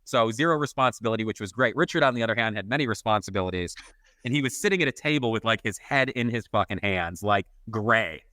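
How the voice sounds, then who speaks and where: Brief: man, podcast co-host, profane and lively, close dry mic. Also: fairly low pitch, fast, no room sound. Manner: profane, swears constantly; lively, self-mocking storyteller. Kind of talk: casual storytelling chat.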